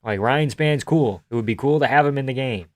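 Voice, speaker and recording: A male streamer talks casually on a live stream, answering his chat in a loose, rambling way with plenty of swearing and laughter. His voice sits at an ordinary middle pitch and sounds close and dry, with no room echo. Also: a little fast.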